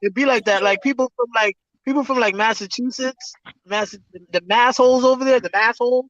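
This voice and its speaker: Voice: mid-range voice, a little fast, a bit bright, no echo. A speaker talks in a slangy, laid-back way during a casual chat. The sound is dry and a little dull.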